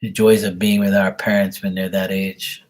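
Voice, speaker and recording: A man's voice: deep voice, flat delivery, moderate pace. A man chatting casually on a live tarot stream, rambling and exasperated, swearing freely. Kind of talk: casual livestream chat.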